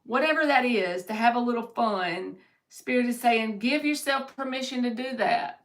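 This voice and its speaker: A woman's voice: on the high side, normal speed. Encouraging woman giving a live tarot reading. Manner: reads viewers' chat aloud and answers them; upbeat, encouraging. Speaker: tarot reader.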